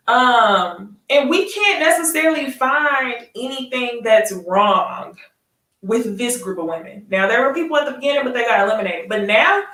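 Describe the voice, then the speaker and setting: A woman's voice: fairly high pitch, a bit bright, roomy sound, distant mic. A woman hosting a casual live recap of a reality dating show, chatting straight to her viewers and laughing often. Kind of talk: casual live review chat.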